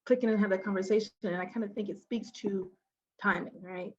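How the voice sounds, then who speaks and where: A woman telling a personal story as an interview guest, her voice mid-pitched. She drops to hushed asides and bursts into loud exclamations. The audio is slightly dull and lo-fi. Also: steady tone, fairly quick, a little hiss or hum.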